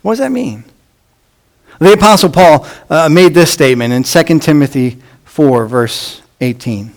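A pastor delivering a sermon, swinging between emphatic lines and hushed ones, and reading scripture aloud with emphasis. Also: male voice, a little high, moderate pace.

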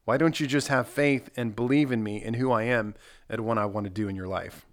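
A man's voice: mid-range voice, a little fast. Earnest middle-aged man sharing Bible points. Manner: earnest, walks through points one by one. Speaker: podcast co-host leading Bible discussion. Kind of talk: casual devotional chat.

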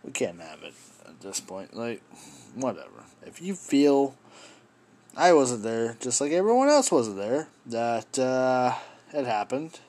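A man's voice: mid-range voice, big pitch swings, a little slow, a little mellow. A man hosting a solo podcast, talking in an impassioned, rambling way, swearing and addressing his listeners as folks. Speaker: podcast host. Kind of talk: solo political podcast rant.

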